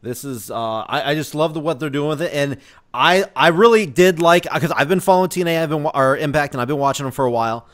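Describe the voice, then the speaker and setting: A man co-hosting a wrestling podcast in casual chat, excitable, cursing freely and restarting his sentences. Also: fairly high pitch, fast. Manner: excitable, swearing, trailing restarts. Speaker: podcast co-host.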